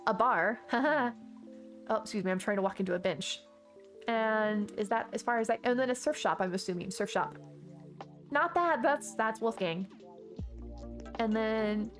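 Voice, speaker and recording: A bubbly woman streamer with a fairly high voice, chatting casually to her viewers from home as she plays. She often gasps and exclaims, and faint game music plays softly behind her. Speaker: live streamer. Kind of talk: casual gaming stream chat.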